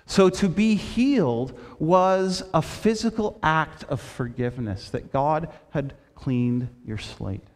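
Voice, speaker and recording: A man preaching a sermon, retelling stories in a lively way and dropping his voice low and quiet for quoted lines. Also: slow pace, few pauses, long reverb tail. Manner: storytelling with quoted voices, shifting between loud and hushed. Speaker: pastor.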